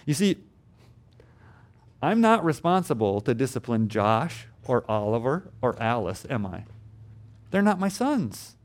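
Young male preacher, slightly high voice, animated sermon delivery. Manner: earnest preaching, rising to emphatic peaks then dropping low. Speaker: pastor.

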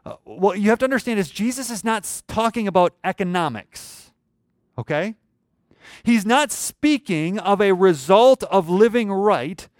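In clean studio sound with no room echo, a high-voiced male pastor delivers a sermon. He poses questions to the congregation and swings between loud and soft.

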